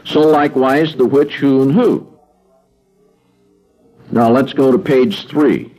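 A man's voice: medium pitch, slow pace, a little mellow, soft background music, rough recording. A man teaching Greek grammar in a classroom lecture, patiently repeating words and checking in with "okay?". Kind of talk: classroom lecture walking through a worksheet.

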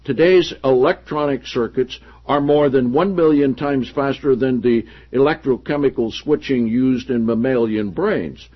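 A man preaching a sermon who reads passages from a book aloud and then comments on them in a lower voice. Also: unhurried, hardly any pauses, slightly rough. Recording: dull lo-fi recording.

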